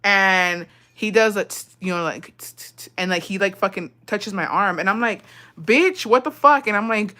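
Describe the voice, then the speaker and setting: A woman's voice: mid-range voice, fairly even intonation, moderate pace, few pauses, pushed and bright, clean tone. A woman telling a casual storytime vlog, swearing freely, calling her viewers besties and acting out the dialogue.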